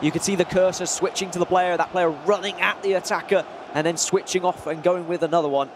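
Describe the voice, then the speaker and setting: A man's voice: high voice, steady tone, fairly quick, background noise. A man providing colour commentary on an esports football match, explaining play in a chatty, analytical way.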